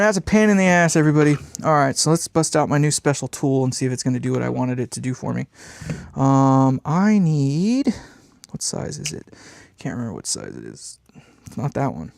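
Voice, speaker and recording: Gravelly man muttering over a workbench. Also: mid-range voice, big pitch swings, normal speed, dry recording. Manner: mutters and swears at parts while working. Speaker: amp builder hosting a live stream. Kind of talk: casual live build commentary.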